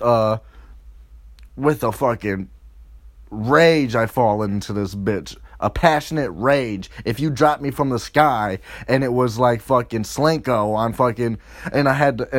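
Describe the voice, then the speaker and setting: A man's voice: medium pitch, no room sound, clean studio sound. A young man delivering a crude, profane comedic rant, rambling and mocking.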